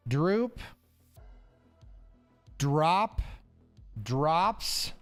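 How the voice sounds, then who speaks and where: A man chats on his live stream, greeting viewers and sounding out one word guess after another. His voice sits a bit high and swings around a lot, but he takes his time. Soft music plays in the background. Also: animated, extremely slow, clean tone. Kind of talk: casual live-stream chat while solving a word puzzle. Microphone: headphones with mic. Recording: faint music behind.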